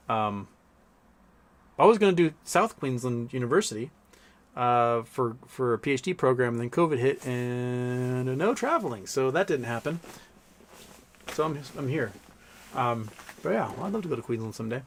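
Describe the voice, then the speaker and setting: Rambling man hosting a livestream. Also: mid-range voice. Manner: rambling, reads viewer comments aloud, swears freely; baby-talk coaxing to his pets. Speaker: livestream host. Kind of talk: casual livestream chat.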